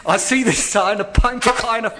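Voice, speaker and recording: A man voicing an anteater in an improvised radio comedy story, in a high, strained squeaky voice. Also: normal speed, very noisy. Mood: boisterous. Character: pompous anteater buying drinks at a pub.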